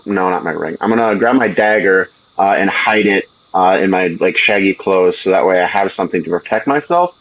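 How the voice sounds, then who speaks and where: Low-voiced hesitant player. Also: male voice, low-quality recording. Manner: hesitant, thinking aloud. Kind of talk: playing a tabletop game.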